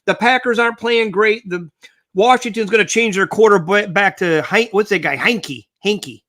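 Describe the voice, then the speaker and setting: A man's voice: high-pitched, moderate pace, fairly bright tone. An older man co-hosting a casual sports talk show, rambling and thinking aloud as he talks.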